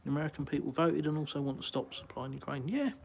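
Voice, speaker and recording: A man's voice: a little high, fast, creaky, slight background noise. A man from the UK with an English accent, hosting a live stream from a village and answering chat questions with blunt, dry sarcasm. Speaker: livestream host. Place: outdoors in a village.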